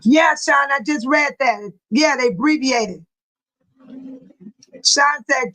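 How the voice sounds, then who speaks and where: A woman with a high voice hosts a relaxed livestream. She reads news articles aloud and breaks off to talk back to her viewers in the chat. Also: slow pace, pauses often, low-quality recording. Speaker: livestream host.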